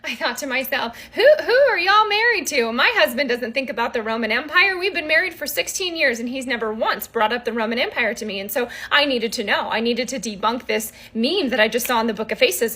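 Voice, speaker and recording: A woman's voice: fairly high pitch, sharp tone. A woman in her thirties telling a rambling, exasperated story straight to camera as a vlogger.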